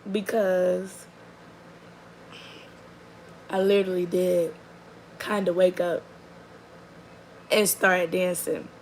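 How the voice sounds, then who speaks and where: A young adult mother chats casually and animatedly about her child, telling stories stuffed with fillers. Her voice is medium in pitch, and the audio is poor with faint background noise.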